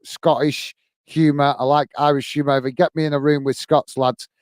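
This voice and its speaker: A man's voice: fairly high pitch, flat delivery, normal speed, dry recording, clean studio sound. A man hosting a live football watch-along stream, calling the match and chatting with viewers, reading out their comments and thanking them by name in a friendly, rambling way full of fillers. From United Kingdom. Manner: many fillers and restarts, friendly banter.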